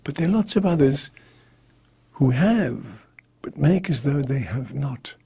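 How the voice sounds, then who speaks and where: A priest reading scripture and then giving an earnest, reflective homily. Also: male voice, medium pitch, expressive, measured pace, creaky, warm tone, husky.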